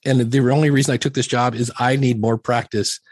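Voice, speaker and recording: A man's voice: mid-range voice, steady tone, a little fast, no echo, clean studio sound. A middle-aged man talking casually on a podcast, candid and rambling, often acting out conversations he had. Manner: rambling, candid, self-deprecating, acts out quoted exchanges.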